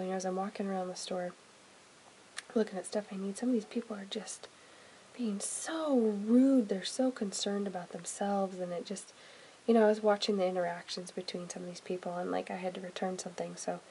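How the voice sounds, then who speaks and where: A woman's voice: lowish voice, steady tone, fast, slight background noise, low-quality recording. A woman chatting casually to camera from a home closet for her family vlog, rambling with plenty of "um" and "you know". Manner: chatty, frequent "um" and "you know", drifting softer. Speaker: family vlogger.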